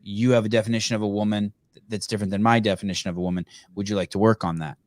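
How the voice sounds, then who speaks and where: A man's voice: fairly low pitch, little pitch movement, racing, darkish tone, no room sound. A man hosting a podcast, talking bluntly and argumentatively in casual chat. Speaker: podcast host.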